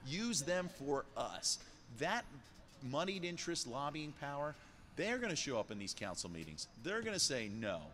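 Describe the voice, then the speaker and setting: Animated podcast guest, bright, lively delivery, slight background noise. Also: male voice, on the high side, moderate pace. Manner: animated, repeats words when emphatic. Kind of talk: podcast conversation.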